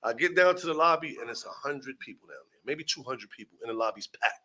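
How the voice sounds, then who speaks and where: Animated and quick, a young Brooklyn man with a New York accent, a rapper appearing as a guest, spins a long, profane story while playing the other characters himself. His voice is medium-pitched and sharp, captured in a low-quality recording.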